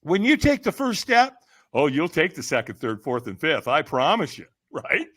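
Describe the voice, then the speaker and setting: A man recounting a personal story as a podcast guest, his slightly high voice swooping widely. The tone is bright and forceful, and he punches his points home, jumping into sudden shouted quotes. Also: moderate pace, husky. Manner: lively, emphatic, acts out quotes with sudden shouts. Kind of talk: animated storytelling in conversation.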